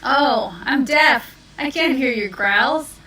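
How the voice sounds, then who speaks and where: A woman's voice: high-pitched, animated, takes it slowly, sharp tone, exaggerated voice. A woman doing a chirpy carefree man. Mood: breezy. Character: cheerful unbothered deaf man in red hat. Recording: roomy, distant mic.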